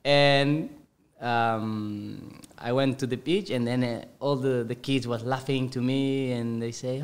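A man tells a story as a podcast guest. His English is halting, and he often stops to correct himself. He keeps a relaxed tone and chuckles now and then, speaking at a medium pitch. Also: clean tone. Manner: halting non-native English, lots of self-repair. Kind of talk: casual storytelling.

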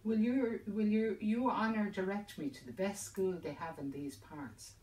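A woman's voice: medium pitch, a little slow, darkish tone, a little hiss or hum, pitched above the performer's own voice, natural voice. A woman storyteller voicing an earnest, innocent little child from a far country, asking eager questions. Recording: roomy sound from a distant mic.

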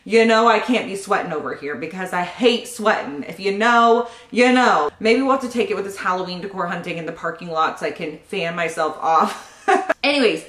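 A woman's voice: mid-range voice, brisk, fairly bright tone. A pregnant young woman chats casually in a vlog, giggling and gushing as she opens gifts. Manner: giggly, gushing, often laughing. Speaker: YouTube vlogger. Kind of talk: casual unboxing chat. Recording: roomy echo.

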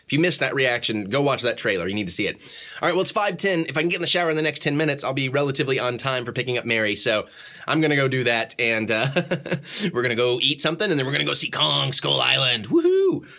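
A young man talks casually to his camera in a vlog. His voice is bright and ringing, and his speaking pitch sits in a middle range. He turns animated and swears freely when something annoys him. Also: quick pace, creaky. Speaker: vlogger.

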